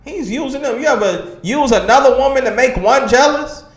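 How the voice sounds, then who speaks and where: In an echoey room, a man with a very high voice teaches a religious class to a streamed audience, preaching emphatically and insistently at a moderate pace. He constantly asks "you understand?" and throws in "man." His sound comes through a livestream computer mic.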